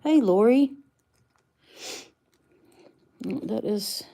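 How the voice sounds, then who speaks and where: A woman's voice: fairly high pitch, takes it slowly, long pauses, dark tone. A woman, chatting casually with viewers on a livestream while unboxing rocks. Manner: chatty, greets viewers by name, laughs easily.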